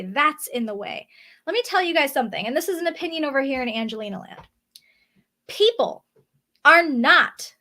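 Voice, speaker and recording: A woman vlogger talking casually to camera from her desk, often checking in with a quick "right?". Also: high voice, fairly bright tone. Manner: chatty, often tags on "right?". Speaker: spiritual vlogger. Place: indoors at a desk.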